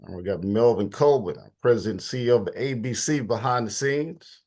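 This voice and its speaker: In a casual online meeting, a man hosts a policy talk with an easygoing, conversational manner, welcoming each attendee by name as they join. His mid-range voice sounds a little stuffy and congested, and he talks slightly fast.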